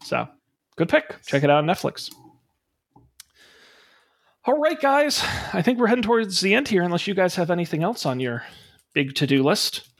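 A man's voice: sits high, very animated, moderate pace, long pauses. A man hosting a casual podcast, chatty and upbeat, with frequent ums and uhs as he plugs the show. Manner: upbeat and enthusiastic when plugging the show. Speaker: podcast host.

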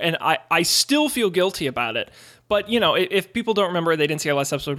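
A male podcast co-host in casual chat, telling a story in an animated, expressive way. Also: a little high.

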